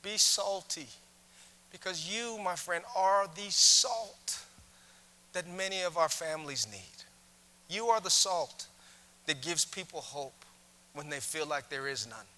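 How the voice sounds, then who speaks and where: A man delivers an impassioned keynote in a high, very bright voice. He builds his points through rhythmic repetition like a preacher, and the long echo of a big conference hall trails his words. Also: unhurried, pauses often. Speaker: keynote speaker. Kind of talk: inspirational keynote speech.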